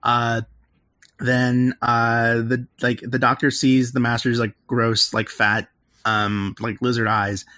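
A man's voice: mid-range voice, level tone, slow, bright, forceful tone, no room sound. A man in casual podcast chat, retelling a film's plot in a loose, rambling way, full of "like" and "um" and his own laughter. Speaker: podcast co-host recapping a film.

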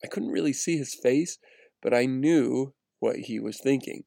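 Man with a gravelly narrating voice. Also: medium pitch, unhurried, no echo. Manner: earnest, steady reading with small restarts. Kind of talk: read-aloud first-person story narration.

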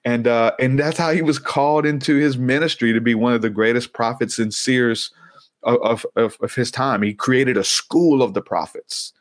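A man speaking as an interview guest, earnest and halting, often repeating words as he tells his story. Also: mid-range voice, steady tone, dry recording, studio quality. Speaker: interview guest, Christian minister. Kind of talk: casual interview conversation.

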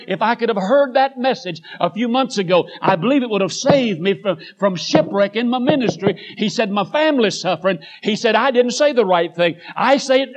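A preacher, a man in his later years, delivering a sermon with dramatic storytelling that swings between loud passages and hushed ones. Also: high voice. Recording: dull lo-fi recording.

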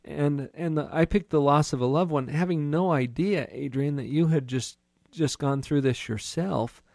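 A man's voice: a little high, moderate pace, creaky, a little mellow, dry recording, clean studio sound. A man hosting an interview show, talking thoughtfully and speaking straight to his listeners. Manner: thoughtful, addresses listeners directly. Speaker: podcast host, doctor. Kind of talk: casual interview talk.

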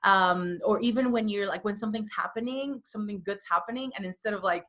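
Woman, podcast guest and coach, energetic, acts out quotes. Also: medium pitch, quick pace. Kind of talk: podcast interview.

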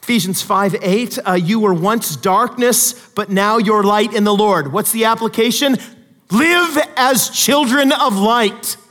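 A man preaching a sermon, swinging from quiet storytelling asides to loud, emphatic peaks. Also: high voice, unhurried. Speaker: pastor. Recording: long hall reverb.

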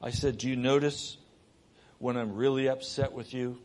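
A middle-aged man preaching a sermon, moving between raised, urgent delivery and hushed, soft passages. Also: mid-range voice, moderate pace, breathy edge.

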